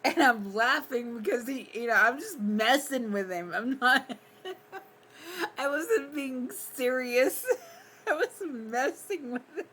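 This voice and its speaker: A woman's voice: sits high, animated, slow pace, pushed and bright, slight background noise. A woman livestreamer telling a rambling story in casual chat, laughing often as she talks.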